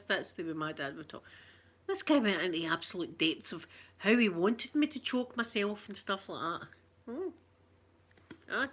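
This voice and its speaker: Her pitch sits in the middle range, a touch bright, at a moderate pace. This middle-aged Scottish ASMR streamer keeps things relaxed in live chat, wandering through stories and reading out what viewers write.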